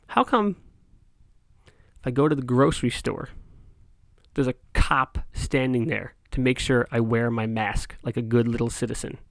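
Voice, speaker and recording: A man's voice: mid-range voice, fairly bright tone, no echo. Middle-aged guy ranting into the camera, fed up and heated, dry close sound. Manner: heated, exasperated ranting with restarts. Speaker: vlogger. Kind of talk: casual rant to camera.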